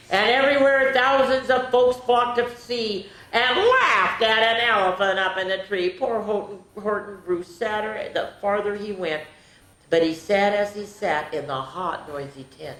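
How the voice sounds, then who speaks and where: A middle-aged woman reading a picture book aloud to children in an expressive, sing-song way with chatty asides, in an echoey room. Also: mid-range voice, a little slow. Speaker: children's storyteller.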